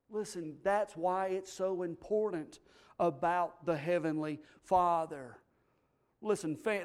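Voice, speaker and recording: A man preaching as pastor, emphatic, swinging from low, quiet asides to loud, stressed lines. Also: measured pace, smooth. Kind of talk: sermon.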